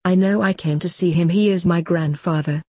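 A woman reads a steady, worried father in a storybook tale. The voice is dark and husky. It sits dry and close, with no room around it. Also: fairly low pitch, normal speed, dry recording, lightly acted. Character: man, concerned office-bound father.

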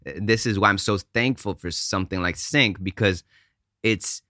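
A man's voice: deep voice, a little slow, sharp tone, no room sound, clean studio sound. A man, a musician hosting a casual podcast conversation, who talks in a searching way and restarts his phrases.

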